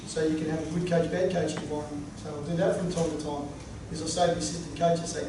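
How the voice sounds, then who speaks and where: A man's voice: fairly high pitch, flat delivery, fast talker, hardly any pauses. A man presenting a sports coaching workshop to a live group, joking and punchy. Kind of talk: workshop talk. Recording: echoey room, far from mic, noisy.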